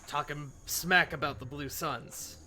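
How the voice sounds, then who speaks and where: A man narrating a tabletop game as game master, relaxed with many fillers. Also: a little high, unhurried, heavy background noise.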